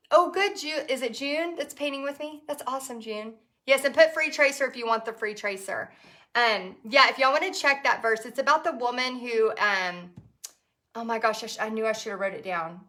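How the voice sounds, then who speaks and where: A woman talks through a live painting session in a loose, chatty way, full of fillers and emotional asides. Her voice sits a bit high and sounds bright and forward. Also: moderate pace. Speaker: painting instructor hosting a live stream. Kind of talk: casual chat while painting live.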